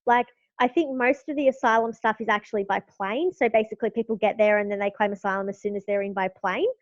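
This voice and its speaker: A woman's voice: medium pitch, fairly even intonation, fast talker, no echo, highs cut off. A young Australian woman talking frankly as a podcast guest, with many fillers. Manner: chatty, lots of fillers, frank. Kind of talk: casual political chat.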